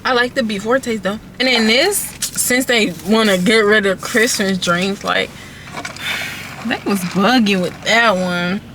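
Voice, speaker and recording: A woman vlogging casually to her phone from her car, chatty and quick to laugh. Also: medium pitch, a bit bright. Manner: chatty, laughs often, loose and playful. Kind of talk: casual vlog chat to camera. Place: in a car at drive-thrus. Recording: noisy car with traffic around.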